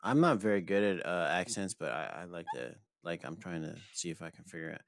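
A man's voice: deep voice, fairly quick, vocal fry, no echo, clean studio sound. A man improvising a comedy bit as an agent, rambling and hesitant with lots of fillers. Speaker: improv performer playing a polygraph agent.

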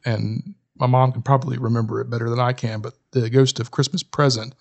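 A man's voice: medium pitch, flat delivery, brisk, gravelly, highs cut off. A man, a guest on a film podcast, chatting in an easygoing way and laughing often. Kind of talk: casual chat.

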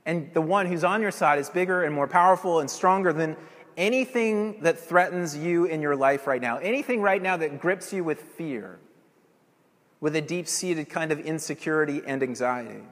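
Man, preacher, sermon, earnest and emphatic, rhetorical questions, slightly high voice. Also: moderate pace, fairly bright tone, big-room sound.

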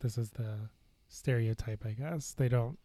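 Man with a very dark, mellow voice. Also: medium pitch, a little slow, no room sound. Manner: explanatory, hedging. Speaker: podcast guest. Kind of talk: casual chat.

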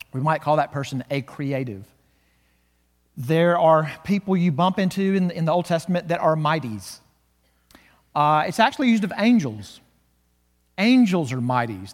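Preaching man in an echoing hall. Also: fairly high pitch. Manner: slows and swells on key words, dynamic preaching. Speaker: pastor. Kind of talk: sermon.

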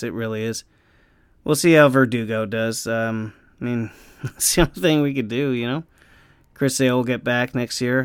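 A man's voice: mid-range voice, a bit bright, no echo, studio quality. A man hosting his own show, giving a casual, rambling sports rant full of fillers and frustration. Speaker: podcast host.

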